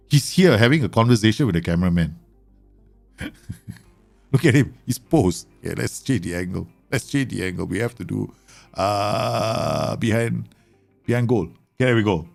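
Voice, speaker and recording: A man commentating live on a football management game, excitable and teasing, bursting into exclamations. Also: medium pitch, moderate pace, vocal fry, pauses often, soft background music.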